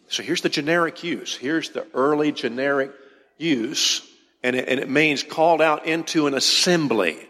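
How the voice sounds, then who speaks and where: Man, preacher, explanatory sermon, asks the listeners questions, fairly high voice, long hall reverb. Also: normal speed, bright, forceful tone. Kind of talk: sermon lecture.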